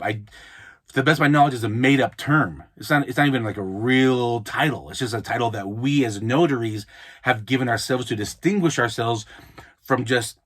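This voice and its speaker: Chatty man giving business advice. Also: medium pitch. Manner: conversational, frequent restarts and repeated words. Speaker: podcast host, mobile notary. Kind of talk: casual advice podcast. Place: Utah, United States.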